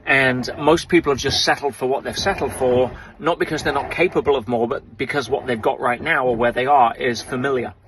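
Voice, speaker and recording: A man on a small rowing boat out at sea, recording a reflective, motivational video diary in a halting, thoughtful way with many fillers. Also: mid-range voice, fairly even intonation, background noise. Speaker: ocean rower sending a video update.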